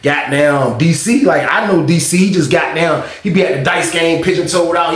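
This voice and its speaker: A man's voice: a little high, moderate pace, few pauses, a bit bright, reverberant. A man hosting a casual storytime, rambling with frequent fillers. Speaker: storyteller host.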